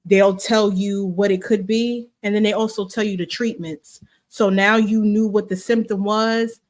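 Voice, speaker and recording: Woman podcast host, mid pitch, easygoing, asks thoughtful follow-ups. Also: fairly even intonation, unhurried, darkish tone. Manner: encouraging, reflective questions. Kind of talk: conversational interview.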